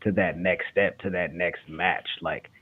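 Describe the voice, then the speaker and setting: A man hosting a casual wrestling chat, talking in quick animated bursts. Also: sits low, husky. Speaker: podcast host. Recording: tinny phone-like line.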